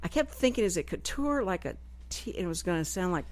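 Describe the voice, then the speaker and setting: A woman's voice: on the low side, expressive, fast talker, darkish tone. Chatty Texan radio host woman. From Texas. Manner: chatty, rambling, self-deprecating. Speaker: radio talk show host. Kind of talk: casual chat. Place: radio studio.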